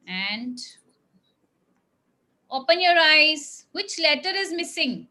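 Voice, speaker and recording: A woman's voice: high-pitched, big pitch swings, takes it slowly, pushed and bright, low-quality recording. A woman teacher, leading young children through a spelling lesson in a patient, coaxing way. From India. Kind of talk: classroom phonics lesson with children.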